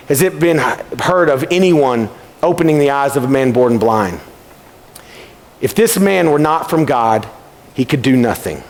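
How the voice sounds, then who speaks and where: A man giving a youth camp sermon, telling stories and acting out voices in an animated way. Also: a little high. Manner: animated, acts out voices in the story. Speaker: camp speaker. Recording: long hall reverb.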